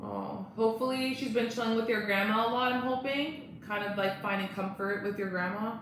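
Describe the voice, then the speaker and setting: A woman's voice: medium pitch, fairly quick, background noise. A young woman chatting casually on a live stream, bubbly and laughing often as she greets viewers. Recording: very echoey room.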